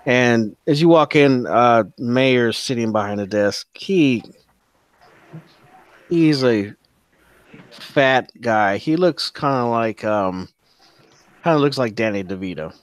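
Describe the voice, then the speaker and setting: A man's voice: medium pitch, takes it slowly, pauses often, clean tone. A man narrating as game master in a casual, profane style with many fillers.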